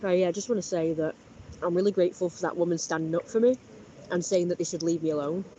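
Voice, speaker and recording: In a slightly muffled outdoor recording with faint background and a little hiss or hum, a person wanders through a chatty, boastful monologue while vlogging by a canal. The mid-range voice is dark in tone, quick, and fairly even in intonation.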